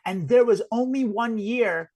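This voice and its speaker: A woman's voice: fairly high pitch, measured pace, a little mellow. A woman co-hosting a comedy podcast, rambling and joking with lots of fillers. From United States. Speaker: podcast co-host. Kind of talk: casual comedic chat.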